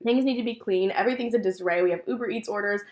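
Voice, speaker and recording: A young woman co-hosting a casual podcast, telling a work story in animated detail and swearing freely. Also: medium pitch, very fast. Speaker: podcast co-host. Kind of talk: casual chat.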